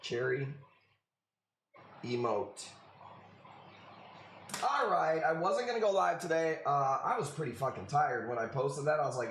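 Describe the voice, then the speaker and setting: A man's voice: fairly high pitch, lively intonation, measured pace, pauses often, a bit bright, slight background noise. A man hosting a casual live stream, laid-back and slangy, greeting viewers by name. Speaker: live stream host selling corals. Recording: echoey room with faint ambience.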